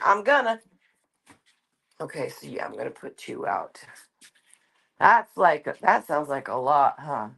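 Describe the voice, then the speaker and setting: A woman's voice: fairly low pitch, vocal fry, a bit bright. A woman chatting casually on a late-night live stream from home, rambling and stopping to talk to her cat. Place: home, kitchen.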